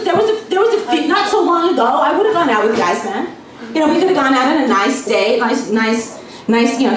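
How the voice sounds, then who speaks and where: A woman performing stand-up, her high voice jumping all over the place as she rambles through her set with lots of fillers. She is picked up from a distance in a very echoey room, with faint noise behind her. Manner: chatty, rambling with many fillers. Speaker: stand-up comic. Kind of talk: stand-up comedy. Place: cafe stage, live comedy set. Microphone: far camera.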